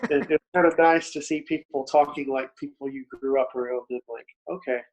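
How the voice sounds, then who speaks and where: A man's voice: mid-range voice, steady tone, a little fast, poor audio. A man from Texas with a mild Texan accent, co-hosting a podcast in reflective casual chat. He laughs easily and uses many fillers. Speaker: podcast co-host.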